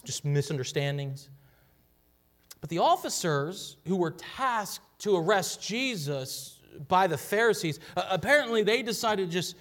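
Man, pastor, sermon, emphatic, repeats phrases, unhurried, higher voice. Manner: emphatic, drops to a whisper for quoted words; repeats and restarts phrases while building emphasis. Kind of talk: expository sermon.

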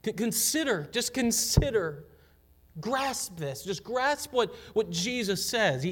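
A man's voice: high-pitched, lively intonation, takes it slowly, fairly bright tone. A man preaching a sermon, emphatic, repeating phrases for weight and sometimes dropping to a whisper. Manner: emphatic, drops to a whisper for quoted words; repeats and restarts phrases while building emphasis. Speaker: pastor. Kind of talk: expository sermon.

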